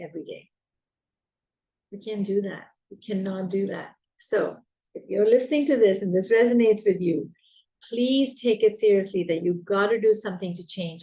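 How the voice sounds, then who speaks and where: A woman's voice: fairly low pitch, darkish tone, poor audio. A woman coaching teachers, speaking emphatically and repeating her key points. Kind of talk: advice talk to teachers.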